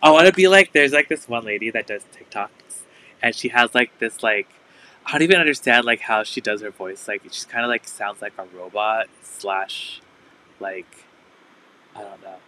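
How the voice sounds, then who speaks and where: Bright-voiced chatty man selling bags. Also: lowish voice, moderate pace, slight background noise, low-quality recording. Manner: chatty, full of "like" fillers. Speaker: host of a live resale stream. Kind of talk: casual live sales chat.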